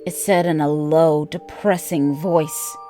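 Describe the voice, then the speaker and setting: A woman narrating a first-person horror story in a measured, deliberate way. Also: sits low, fairly even intonation, mellow, soft background music.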